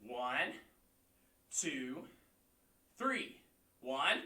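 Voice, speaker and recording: A man teaching a martial arts class online, counting out moves, shouting kiai and giving encouraging pep talks. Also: on the high side, big pitch swings, drawn-out words, pauses often. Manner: encouraging, pep-talk delivery. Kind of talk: leading a livestream class. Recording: echoey room, voice far from mic.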